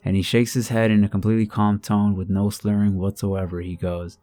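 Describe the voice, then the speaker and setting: A man reading submitted true scary stories aloud, with a steady, even delivery. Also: on the low side, fairly quick, few pauses. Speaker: horror story narrator. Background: soft background music.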